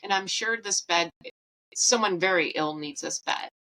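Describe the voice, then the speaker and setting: A woman's voice: on the low side, moderate pace, bright, forceful tone, rough recording. A woman hosting a podcast, telling a personal story in a chatty, rambling, candid way. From Canada. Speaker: podcast host.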